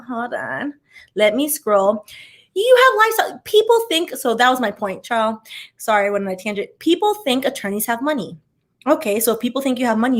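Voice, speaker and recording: Woman, 30s, channel host and ex-lawyer; chatty, animated delivery with a slightly high voice and constant tangents. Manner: chatty, animated, quick tangents, many filler likes. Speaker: channel host, former attorney. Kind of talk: casual chat, reacting to viewer comments.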